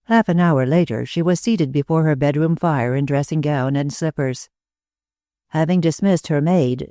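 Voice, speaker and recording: Narrator, measured classic-novel reading, dry close sound. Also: mid-range voice, dark tone, no room sound. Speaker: audiobook narrator. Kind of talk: scripted narration.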